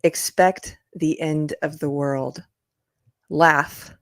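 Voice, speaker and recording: A woman's voice: low voice, fairly even intonation, very slow, a bit bright, dry recording, clean studio sound. A woman hosting a casual live chat, rambling through stories and laughing often. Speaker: livestream host. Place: indoors, upstairs room.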